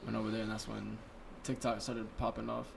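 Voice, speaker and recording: A man's voice: fairly low pitch, monotone, brisk, creaky, background noise. A young man, a guest rapper on a podcast, telling stories in laid-back slang with lots of swearing. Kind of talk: casual chat.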